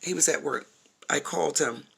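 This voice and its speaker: A woman's voice: deep voice, normal speed, vocal fry, fairly bright tone, breathy edge. A woman telling her own story to her viewers in a casual vlog, blunt and emphatic, swearing freely. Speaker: vlogger.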